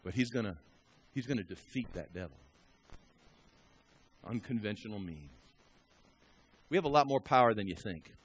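A man preaching a storytelling sermon who swings from a hushed murmur to shouting and exhorts the congregation directly. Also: lowish voice, animated, moderate pace, pauses often, husky.

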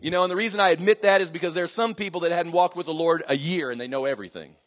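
A middle-aged male pastor with a high voice delivers a sermon in a large church. His voice swings between quiet asides and shouted scripture. A long reverb hangs after each phrase. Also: racing. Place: large church hall with live congregation.

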